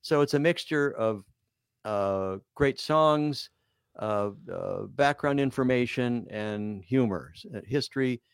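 A man's voice: mid-range voice, slow, creaky, clean tone, dry recording, studio quality. An older man, a comedian and musician, chatting as a guest in a self-deprecating, rambling way with many fillers. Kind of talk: casual interview chat.

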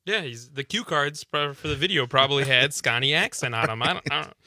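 Male co-host, sharp bright voice, casual political chat. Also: mid-range voice, no echo, studio quality. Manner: conversational, halting restarts. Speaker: radio co-host. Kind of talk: political talk radio chat.

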